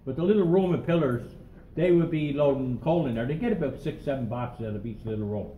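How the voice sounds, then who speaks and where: Guiding visitors through a coal mine tunnel, a retired miner in his later years tells jokey stories in a mid-range voice, talking a little fast and tossing in "okay?" and "right?". The sound is narrow and tinny, with tunnel echo, distant miking, and noise.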